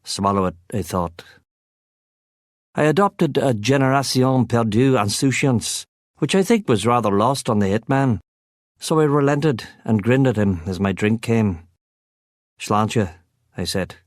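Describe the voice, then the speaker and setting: A man's voice: medium pitch, lively intonation, measured pace, dry recording. A man narrating a first-person crime novel as an audiobook, with a wry, sardonic delivery on a close studio mic.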